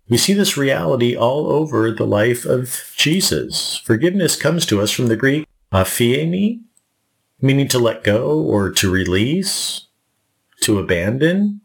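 A man preaching a sermon, his voice gravelly with a mid-range pitch. His delivery rises and falls in a lively way. He works through scripture with asides and questions to the listeners. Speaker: pastor.

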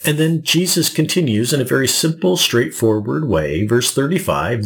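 Preaching man with a gravelly, lively voice. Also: mid-range voice, moderate pace, hardly any pauses. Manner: expository preaching with rhetorical asides and questions. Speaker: pastor. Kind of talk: sermon.

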